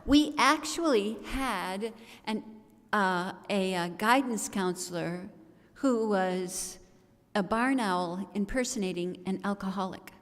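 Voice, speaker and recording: A woman's voice: mid-range voice, takes it slowly. A woman storyteller giving a comic, theatrical telling at a service in a large worship hall. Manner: theatrical, comic, expressive delivery. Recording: long reverb of a large hall.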